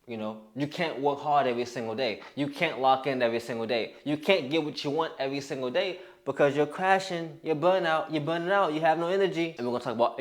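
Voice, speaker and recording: A young man giving a blunt, profane motivational talk as a fitness coach, often restarting his sentences. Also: a little high. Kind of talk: motivational monologue.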